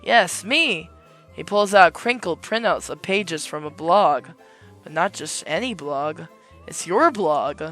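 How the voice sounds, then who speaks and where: A man reading a visual novel aloud, voicing both sides and bursting into excited shouts. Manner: excitable, erupts into high shouting. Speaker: streamer playing a visual novel.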